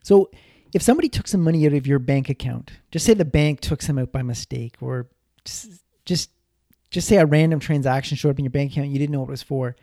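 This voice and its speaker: A man's voice: mid-range voice, fast, dark tone, no room sound, clean studio sound. A man giving casual personal finance advice, rambling with frequent restarts and repeated words.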